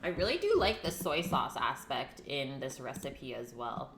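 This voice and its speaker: A woman's voice: a bass voice, sing-song, unhurried, a bit bright, slight background noise. A young woman hosting a casual live-stream cooking show from her home kitchen, chatting with viewers and reading their names out. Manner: chatty, reads chat names aloud, talks while eating. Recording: echoey kitchen, faint music.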